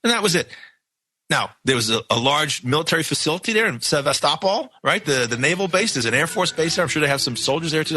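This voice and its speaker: A man's voice: on the high side, animated, quick pace, pushed and bright, soft background music. A man from New York hosting a radio news show, talking in an emphatic, rambling monologue with many restarts. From New York, USA.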